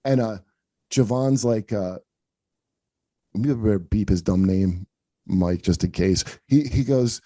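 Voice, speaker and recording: Comedian dude rambling thru a profane story, casual podcast chat, dead dry sound. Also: male voice, mid-range voice, normal speed, mellow, no echo. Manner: profane, rambling anecdotes with acted-out quotes.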